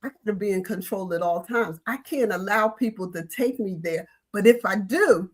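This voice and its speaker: A woman on a panel telling a school story in a lively, animated way. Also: medium pitch, normal speed. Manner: animated storyteller, acts out quoted voices. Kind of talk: casual panel talk.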